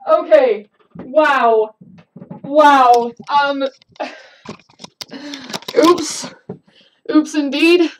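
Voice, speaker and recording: A woman's voice: fairly high pitch, normal speed, pauses often, slight background noise, low-quality recording. A young woman giving casual gameplay commentary at her desk, jumpy and exclaiming, chatting to the creatures on screen. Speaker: gaming video creator. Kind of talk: casual let's-play commentary. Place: home room at a desk. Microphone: desk webcam mic.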